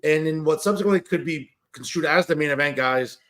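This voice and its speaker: A male podcast host talking wrestling in a loose, rambling way, with a voice sitting a little on the high side. He keeps circling back with fillers and restarts as he lays out the card. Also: fairly quick, a bit bright. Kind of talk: casual wrestling podcast chat.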